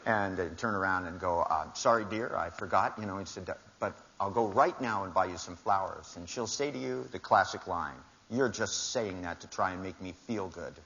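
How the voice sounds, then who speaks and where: A man's voice: low-pitched, moderate pace, few pauses, sharp tone, slight background noise. An older man giving a seminar talk to a live audience, telling wry anecdotes and acting out the dialogue with shifting voices. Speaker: seminar speaker. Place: large hall with audience. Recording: dull lo-fi live talk recording.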